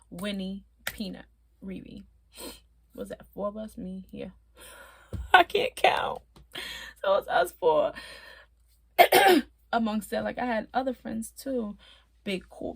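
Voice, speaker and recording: A woman telling stories from her time in prison to her viewers in a casual, animated, profane way, laughing often and at times tearful. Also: mid-range voice, unhurried, creaky, a little hiss or hum. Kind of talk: casual storytelling.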